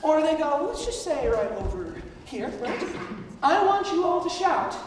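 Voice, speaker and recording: A woman's voice: sits high, very animated, unhurried. Bubbly young woman hosting improv. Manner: bubbly, laughing, loud audience cues. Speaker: improv show host. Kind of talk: live stage hosting. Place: large theater stage. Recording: echoey hall from far off with loud crowd. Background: audience crowd and noise.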